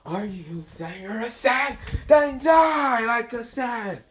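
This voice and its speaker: A man voicing an arrogant evil male alien overlord who sneers and shouts threats in a high, strained voice. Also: expressive, slow, exaggerated voice. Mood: furious.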